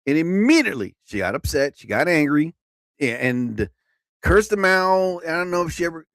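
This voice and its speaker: A man runs a live comedy stream in a rambling, animated monologue and chuckles at his own jokes. His voice sits fairly high and swings widely up and down. The sound is dry and close, with no room around it. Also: moderate pace, no echo.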